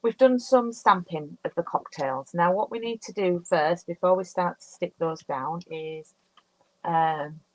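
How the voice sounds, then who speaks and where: A British woman in her fifties chats while demonstrating card making, talking through every step and reading viewer comments aloud during a live session. Her voice is fairly low and measured, on a low-quality recording with slight background noise.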